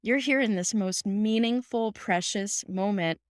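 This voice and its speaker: A woman in her thirties hosts a podcast in casual, emphatic chat, laughing often and peppering her talk with "like". Her voice sits at a middle pitch and is recorded close and dry, with no room around it. She speaks as a vet sharing her own stories. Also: a little slow, dry recording. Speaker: podcast host, house call vet.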